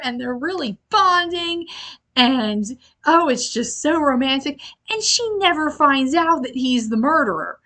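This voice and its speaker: A woman's voice: a little high, pushed and bright. A young woman hosting a casual book review, exasperated and rambling with many fillers. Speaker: library video host.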